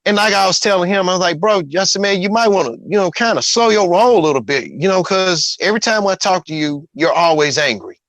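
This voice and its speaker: A man's voice: sits high, lively intonation, quick pace, few pauses, a bit bright, dry recording. A man telling a personal story in casual talk, rambling, restarting, and quoting what others said. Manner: rambling, repeats himself, quotes others.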